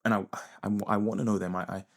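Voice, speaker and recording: A man's voice: fairly low pitch, level tone, quick pace, creaky. A young man vlogging a hesitant, rambling reflective monologue, often trailing off and repeating himself.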